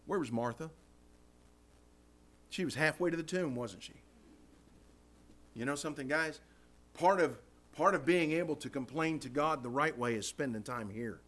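A man's voice: on the high side, normal speed, pauses often, fairly bright tone. A man preaching a sermon in church, impassioned, acting out prayers and calling the congregation "guys.".

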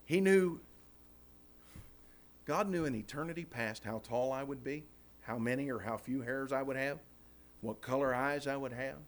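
A Baptist preacher giving an informal Bible study sermon in a folksy, animated way, often saying "man, I tell you what.". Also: mid-range voice, normal speed, pauses often.

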